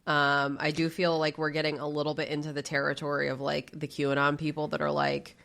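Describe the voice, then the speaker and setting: A woman co-hosting a podcast, telling stories in a chatty, animated way. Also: deep voice, fairly quick, creaky. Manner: chatty, animated storytelling, frequent fillers and swearing. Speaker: podcast co-host. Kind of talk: casual chat.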